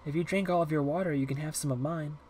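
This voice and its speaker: A man voicing a timid eight-year-old girl who talks softly and quietly in an audiobook reading. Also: on the high side, fairly even intonation, fast, close to an everyday voice. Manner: soft and hushed.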